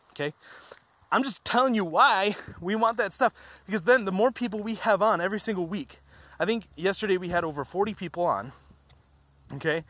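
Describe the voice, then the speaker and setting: Man, slightly high voice, pushy emphatic promoter, rhetorical questions, repeats himself. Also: a bit bright. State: a little out of breath. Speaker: trading group promoter. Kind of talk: enthusiastic sales pitch.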